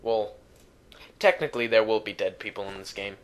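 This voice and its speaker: A man's voice: on the low side, fairly even intonation, fairly quick. A young man casually commentating his gameplay, rambling and joking with lots of fillers. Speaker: let's player.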